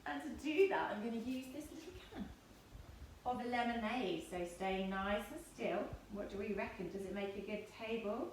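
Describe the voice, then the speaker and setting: A woman in her thirties teaching yoga to children, giving gentle, playful, encouraging instructions. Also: fairly high pitch, normal speed. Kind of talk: guiding a kids' yoga class. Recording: echoey room, distant mic, faint noise.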